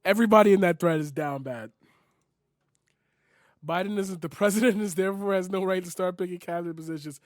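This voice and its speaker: A man's voice: high-pitched, fast talker, pauses often, dry recording, studio quality. A young man reacting to clips, sarcastic and incredulous, swearing freely and filling his talk with "like" and "bro". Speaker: commentary streamer. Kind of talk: reaction commentary.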